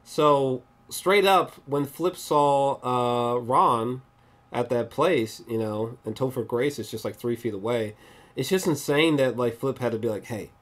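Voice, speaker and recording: A movie reviewer talking through a casual spoiler review vlog, animated and excitable, rambling with many restarts and swearing often. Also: mid-range voice, measured pace. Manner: rambling, with frequent restarts and fillers.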